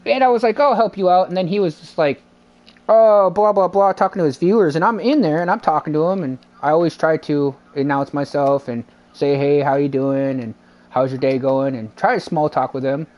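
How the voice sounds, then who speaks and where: A man's voice: a little high, fairly quick, darkish tone. A male game streamer talks casually to his viewers. He rambles through a long retold exchange, acting out both sides with "and I was like". He swears freely and loosely. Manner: rambling, retells a dispute with lots of quoted back-and-forth. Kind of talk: casual live-stream chat.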